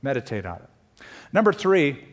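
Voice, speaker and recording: A man's voice: mid-range voice, big pitch swings, normal speed. A male pastor preaching a sermon, earnest and practical, breaking into emphatic bursts and light jokes. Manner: earnest, with joking asides and sudden emphatic bursts.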